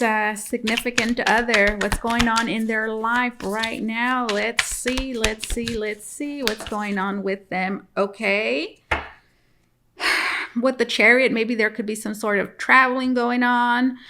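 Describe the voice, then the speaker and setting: A woman's voice: a little high, fairly even intonation, slow pace, background noise. A woman giving a casual tarot reading to camera, chatty and repetitive, talking straight to her viewers from home. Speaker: tarot reader.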